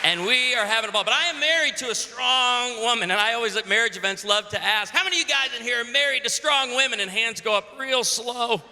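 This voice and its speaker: Speaking extremely high and fast with hardly any pauses, this Illinois pastor in his forties sounds pushed and bright as he jokes punchily and calls out to a women's conference crowd. The echoey convention hall has faint ambience, some chatter behind him, and slight background noise.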